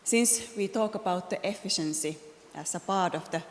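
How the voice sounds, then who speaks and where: A woman opening a conference session and introducing the moderator, speaking in a measured way and searching for words. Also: fairly low pitch. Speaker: conference host. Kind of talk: formal event announcement. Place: large conference hall. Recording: long hall reverb, faint background noise.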